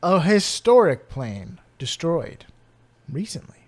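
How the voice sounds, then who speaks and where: A man co-hosting a podcast, his voice sitting a little high for a man. He talks in a loose, casual way, firing off quiz questions and quick asides. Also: very animated. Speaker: podcast co-host. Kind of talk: casual chat.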